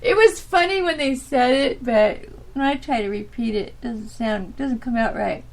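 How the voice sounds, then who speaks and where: A woman's voice: on the high side, moderate pace. A woman hosting her own podcast, chatting casually and rambling with lots of fillers and trailing thoughts. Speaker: podcast host. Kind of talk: casual solo chat.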